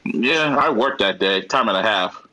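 A man's voice: fairly low pitch, expressive, a little slow, bright, forceful tone, rough recording. A man co-hosting a casual comedy podcast, joking in slangy talk and laughing often. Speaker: podcast co-host.

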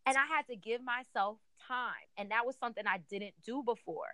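A woman's voice: a little high, brisk, pushed and bright, no room sound. A woman in casual conversation as a guest, animatedly telling a personal story and acting out her own past thoughts. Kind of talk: casual chat.

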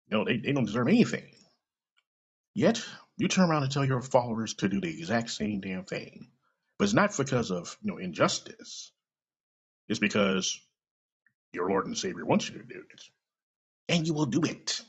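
Gravelly man ranting on a podcast. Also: mid-range voice, big pitch swings, normal speed, long pauses. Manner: blunt, profane, heated ranting. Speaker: podcast host. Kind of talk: opinion rant monologue. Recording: dull lo-fi recording.

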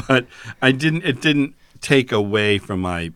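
A man's voice: medium pitch, lively intonation, slow, a bit bright, clear, resonant tone, no room sound, clean studio sound. A man co-hosting a podcast, chatting in an easygoing way with light chuckles. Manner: easygoing, chuckles between remarks. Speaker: podcast co-host. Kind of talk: casual chat.

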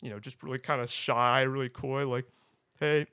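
A young man casually telling his personal faith story as a guest, halting and restarting, often tagging "right?". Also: mid-range voice, little pitch movement, heavy background noise. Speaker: guest sharing testimony.

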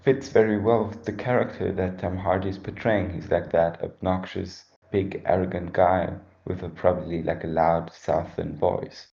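A very deep-voiced man with a gravelly edge talks through a film in a calm, reasoning way, answering each point with a counterpoint. The sound is somewhat dull and lo-fi. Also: moderate pace, few pauses. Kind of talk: casual movie review chat.

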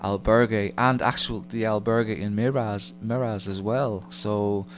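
Low-voiced guy hosting, stumbles and repeats himself, humming noise behind. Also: a little slow. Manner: stammering restarts, repeats words. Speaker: podcast host. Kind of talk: casual interview chat. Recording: steady hum behind voice.

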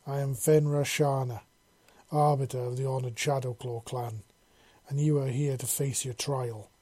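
A gruff, husky voice for a towering battle-scarred alien judge, as a man narrating puts him on. He speaks in cold, contemptuous pronouncements, a dark tone recorded close and dry. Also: mid-range voice, steady tone, moderate pace, no room sound, lightly acted. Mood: stern. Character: massive scarred male alien warrior judge, stern and contemptuous.

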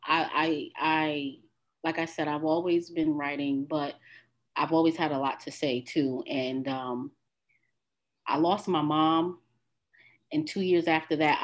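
A woman with a lowish, unhurried voice performs spoken-word poetry. Her phrasing is deliberate, and she builds through repeated refrains. When she talks plainly as a guest, she keeps the same measured care. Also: steady tone. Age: adult with a grown daughter. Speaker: guest poet. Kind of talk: spoken-word poetry then candid conversation.

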